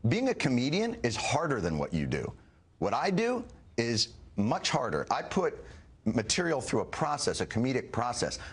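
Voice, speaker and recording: A middle-aged comedian arguing emphatically in a heated television interview, firing back quick rebuttals. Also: male voice, medium pitch, huge pitch swings, slightly rough. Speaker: comedian and guest.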